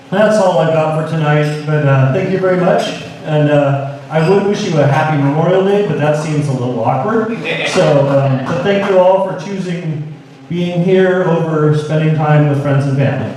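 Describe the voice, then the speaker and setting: A man's voice: fairly high pitch, normal speed, crowd noise. A middle-aged man from Seattle doing a stand-up set, rambling and correcting himself with many fillers, with wry self-mocking humor. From Seattle, US Pacific Northwest. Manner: wry, deadpan self-mockery. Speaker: stand-up comedian. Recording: echoey live room, mic from a distance.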